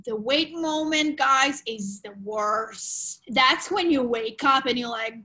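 A woman, a podcast guest frankly telling a personal story in animated, loose English. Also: high-pitched, slow, few pauses, poor audio. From Ukraine. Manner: animated, frank, swears casually, non-native grammar.

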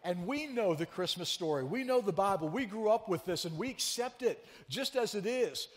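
A man preaching a sermon as pastor, telling a story in a chatty, animated way and teasing his congregation. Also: sits high, normal speed, in a large hall. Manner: conversational, animated storyteller who teases the congregation. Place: church sanctuary.

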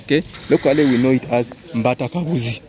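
A Ugandan man leads a zoo tour, explaining each animal patiently and repeating key facts. His voice sits at a middle pitch. The outdoor recording carries clear background noise and animal calls. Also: fast talker, darkish tone. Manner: explanatory, repeats key points, asks "okay?" often. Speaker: tour guide. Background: outdoor ambience, animal sounds.

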